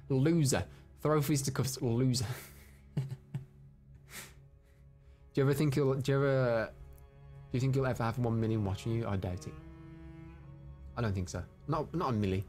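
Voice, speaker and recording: A man giving live commentary over his own gameplay, excitable and prone to loud frustrated outbursts, chatting with his viewers between rounds. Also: medium pitch, normal speed, pauses often, soft background music. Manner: chats to viewers and reads out their comments. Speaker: live streamer.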